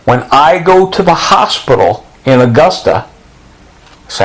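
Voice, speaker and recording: Middle-aged man, slightly high voice, intense rambling rant, jumps into other people's voices. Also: very animated, measured pace, low-quality recording. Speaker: vlogger. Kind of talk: agitated monologue.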